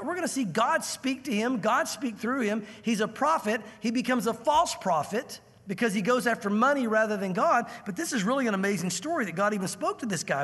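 A man preaching a verse-by-verse sermon as a pastor, emphatic and conversational, with quick asides to the listeners. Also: extremely high pitch, fairly bright tone, slightly rough, long reverb tail. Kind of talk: expository sermon.

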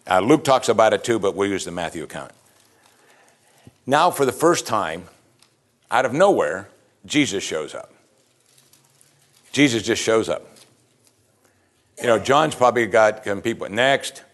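A man giving a chatty, conversational Bible teaching, often putting rhetorical questions to his listeners. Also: on the low side. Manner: informal, chatty retelling of scripture.

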